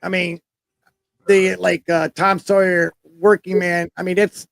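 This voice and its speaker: A man's voice: high-pitched, level tone, measured pace, creaky, no room sound, poor audio. A man in a casual podcast chat, talking eagerly about music. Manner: enthusiastic, chatty music fan. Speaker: podcast co-host.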